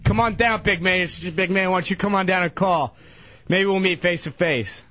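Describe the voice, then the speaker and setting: A man with a very high, bright and animated voice, yelling taunts and ranting on a radio show. The sound is dull and lo-fi, like an old broadcast. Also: a little fast. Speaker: radio show co-host, prank victim. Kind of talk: radio banter.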